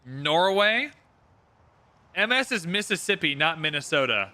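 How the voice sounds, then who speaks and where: A man's voice: on the high side, big pitch swings, a little slow, bright, forceful tone. A young Canadian man chatting casually on a livestream, reading out viewer locations and talking through a strategy game. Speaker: streamer. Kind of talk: casual livestream chat while playing.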